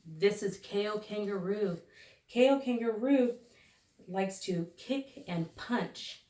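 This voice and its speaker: A woman teacher leading a phonics lesson for young children, sounding out each letter slowly and deliberately. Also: mid-range voice, warm tone. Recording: echoey room, recorded from a distance.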